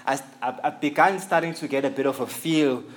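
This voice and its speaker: A man's voice: medium pitch, brisk. A man from Africa, preaching a sermon as a visiting pastor in an earnest, emphatic way, repeating key phrases for stress. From South Africa. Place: church in England.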